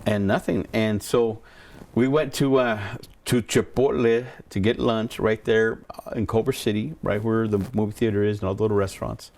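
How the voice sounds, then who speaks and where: A man's voice: on the low side, steady tone, moderate pace, vocal fry, darkish tone. A man, a pastor, telling a personal story in a rambling way, repeating words and acting out what people said. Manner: rambling, repeats words, acts out quoted voices.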